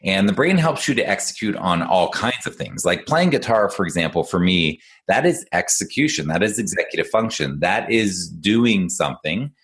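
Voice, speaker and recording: A man with a very low voice talks through ideas as an executive function coach on a casual podcast. He explains patiently and encouragingly, and tells stories in an animated way. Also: normal speed, hardly any pauses.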